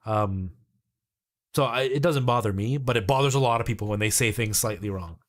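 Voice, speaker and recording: Man, from El Salvador, game streamer, casual live chat, long explanations, average pitch. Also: a little fast. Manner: chatty, explains at length.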